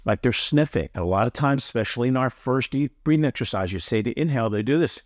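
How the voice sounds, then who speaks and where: Animated and quick-paced, a male yoga teacher walks through a breathing tutorial at a middle pitch, earnestly stressing and repeating his main points. The sound is close and dry, free of room echo.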